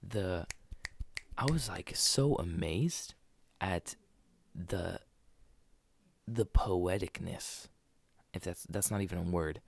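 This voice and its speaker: Deep gravelly man chatting about films. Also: slow pace, pauses often, a little hiss or hum. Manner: rambling, restarts sentences, laughs often. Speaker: podcast co-host. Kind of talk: casual movie chat. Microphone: desk podcast mic.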